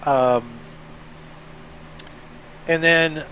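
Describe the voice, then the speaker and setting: Slow, hesitant male game master. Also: a little high, a little hiss or hum, rough recording. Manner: relaxed, hesitant, many fillers. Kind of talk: narrating a tabletop game.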